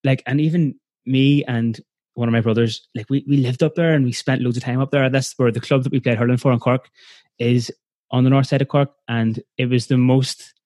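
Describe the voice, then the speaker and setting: A man's voice: medium pitch, steady tone, fairly quick, a little mellow, no room sound. A man with a Belfast accent, talking thoughtfully and a bit hesitantly in a casual chat. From West Belfast. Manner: thoughtful, hesitant, uses 'kind of' often.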